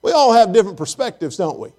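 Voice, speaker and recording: A male pastor delivering a casual, storytelling sermon in a slightly high voice. He jokes, asks the congregation questions and keeps things friendly and loose. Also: big pitch swings, quick pace, dark tone. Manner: conversational, joking, speaks straight to the congregation. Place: church service.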